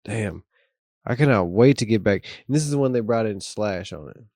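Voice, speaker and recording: A young adult man chatting casually as a podcast guest, excitable and rambling, with casual swearing. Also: fairly low pitch, moderate pace, no echo, studio quality. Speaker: guest musician.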